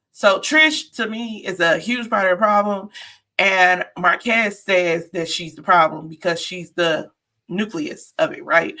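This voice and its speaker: A woman's voice: fairly low pitch, creaky, sharp tone. A woman giving a chatty, sassy live-stream recap of a reality show, talking straight to her viewers.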